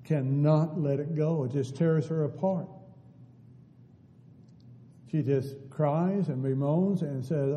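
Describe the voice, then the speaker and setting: A man's voice: on the high side, takes it slowly, pauses often, mellow, highs cut off, slight background noise. A man preaching a sermon in an earnest, pleading way, asking many rhetorical questions. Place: church sanctuary. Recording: church hall with long reverb.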